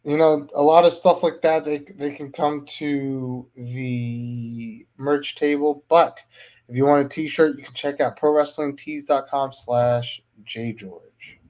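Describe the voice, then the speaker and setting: A man's voice: medium pitch, fairly even intonation, slow, a little mellow. A man who wrestles, talking casually as a podcast guest and promoting his upcoming shows. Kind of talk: casual chat.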